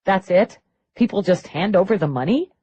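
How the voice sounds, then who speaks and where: A woman's voice: medium pitch, animated, moderate pace, dark tone, husky. A woman doing a blunt, dry cop. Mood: dry, skeptical. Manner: dry, blunt, matter-of-fact. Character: blunt female police lieutenant, dry and skeptical.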